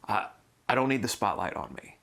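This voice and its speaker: A man voicing Jesus as a humble wedding guest who would rather stay out of the spotlight, in a relaxed, casual, playful way. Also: lowish voice, a little fast, creaky, heavily acted. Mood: easygoing.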